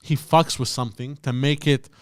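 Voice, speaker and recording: Man with a smooth, dry voice. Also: mid-range voice, fairly even intonation, moderate pace, dry recording. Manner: loose, rambling, profane storytelling. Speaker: podcast co-host. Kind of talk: casual comedy podcast chat.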